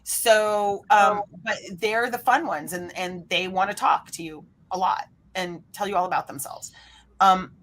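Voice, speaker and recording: A woman speaking as a podcast guest, explaining networking styles in an energetic way and acting out the people she quotes. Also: medium pitch, unhurried, a little hiss or hum. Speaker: guest, referral coach. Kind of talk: animated podcast interview talk.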